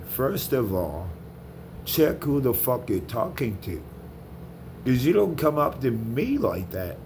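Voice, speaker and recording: A man's voice: medium pitch, darkish tone, slight background noise. Man ranting angrily, heavy swearing. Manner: heated, profane, repeats himself. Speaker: vlogger. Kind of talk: angry rant to camera.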